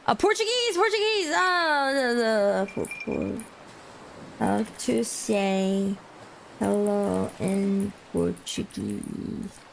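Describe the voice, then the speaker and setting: A woman streamer in a casual chat livestream, playful and giggly, laughing often and trailing off with drawn-out fillers. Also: mid-range voice, big pitch swings, vocal fry, slight background noise. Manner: drawn-out, hesitant with many fillers.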